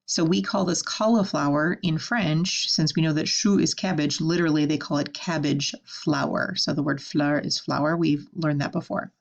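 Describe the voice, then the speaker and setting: A woman teaching a French vocabulary lesson, saying each word slowly and then explaining it in casual English. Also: low voice, steady tone, gravelly, lo-fi sound.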